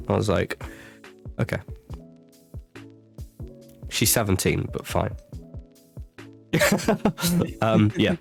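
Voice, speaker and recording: A man's voice: lowish voice, very animated, very slow, gravelly, pauses often, soft background music. A young man co-hosting a casual podcast, telling a work story and laughing often. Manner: laughs often, acts out customers in quoted voices. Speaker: podcast co-host. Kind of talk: casual chat.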